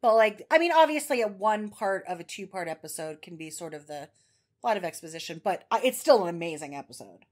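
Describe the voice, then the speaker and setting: A woman's voice: medium pitch, lively intonation, fast talker. A woman co-hosting a podcast in casual chat, enthusiastic and full of fillers and restarts. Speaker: podcast co-host.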